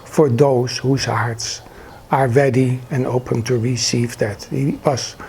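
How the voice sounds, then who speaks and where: A man's voice: mid-range voice, steady tone, slow pace, gravelly, darkish tone, slight background noise. A man earnestly recalling his spiritual teacher in a devout, reverent way. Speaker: disciple sharing memories. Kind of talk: reverent personal reminiscence.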